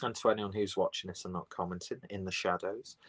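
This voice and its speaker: Rambling low-voiced man on a live stream. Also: fairly even intonation, fast, low-quality recording. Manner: rambling, chatty, reads out viewer comments. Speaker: beer reviewer live-streaming. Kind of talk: casual live-stream chat. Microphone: phone.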